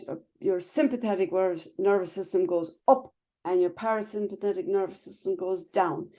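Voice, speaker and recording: A woman with a medium-pitched, mellow voice teaches a class as a wellness instructor over a video call. She's chatty, explains using everyday images, and tacks "right?" or "okay?" onto almost every phrase.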